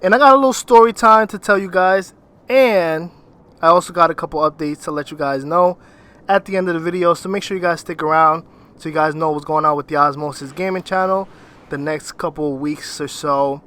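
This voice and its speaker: A man's voice: fairly high pitch, a little fast, pushed and bright. A young man hosting his own gaming channel, telling a personal story over live gameplay commentary in a casual, rambling way and stumbling over his words. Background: music.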